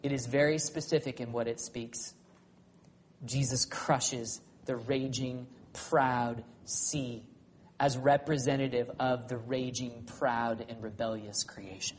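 A pastor preaching a sermon, swinging between loud, high passages and hushed, low ones, and ending by leading a prayer. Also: male voice, steady tone, slow pace. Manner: closes by leading a spoken prayer.

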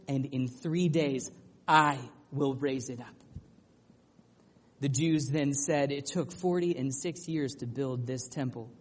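A man preaching a sermon with passion, building to loud emphatic peaks and then falling back to a quieter, lower delivery. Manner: impassioned preaching, rising to loud peaks then dropping low.

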